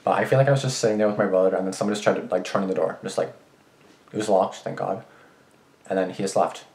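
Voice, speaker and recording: A man's voice: low voice, fairly even intonation, fast, gravelly, a little mellow. A young man vlogging, rambling through anecdotes with lots of restarts and swearing. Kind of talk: casual rambling storytelling. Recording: roomy echo.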